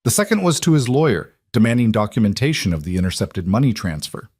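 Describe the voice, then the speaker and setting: A man narrating a scripted romance story in a measured, dramatic way. His voice sits on the low side, and the sound is dry and close. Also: very animated, a little mellow, dry recording.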